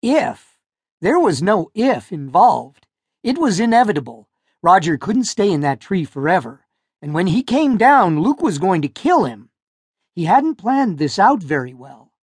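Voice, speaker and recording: Male audiobook narrator, scripted narration, lively pitch, dry close-mic sound. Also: a little slow, slightly rough, no echo. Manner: expressive storytelling. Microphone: close studio mic.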